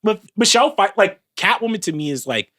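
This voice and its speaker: A man co-hosting a casual podcast chat, talking in an animated, emphatic way and swearing casually. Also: high-pitched, quick pace, a loud crowd. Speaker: podcast co-host.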